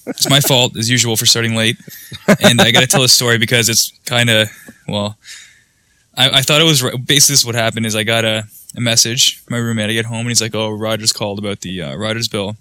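Canadian guy co-hosting a podcast, talks quick, bright voice, dry sound. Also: medium pitch, dry recording. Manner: animated storytelling with acted-out quotes. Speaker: podcast co-host. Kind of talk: casual chat, storytelling.

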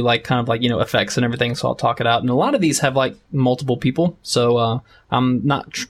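A man co-hosting a casual podcast, reading listener-written commercial scripts aloud, doing light voices and often laughing. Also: medium pitch.

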